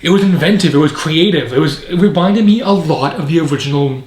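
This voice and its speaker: Man with a fairly high voice. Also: fairly quick, darkish tone. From Canada. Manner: rambling, opinionated, with frequent fillers. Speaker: film reviewer. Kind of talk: casual video review commentary. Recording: echoey room.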